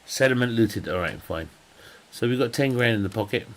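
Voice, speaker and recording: A man's voice: mid-range voice, animated, a little fast. Jokey man streaming a game. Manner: rambling, jokey, laughs often. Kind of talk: casual chat while gaming.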